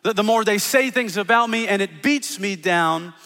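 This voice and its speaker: Pastor guy preaching, kinda high voice, earnest, big hall echo. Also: normal speed. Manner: earnest, repeats words, drops soft for scripture. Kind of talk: sermon. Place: church auditorium. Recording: long hall reverb.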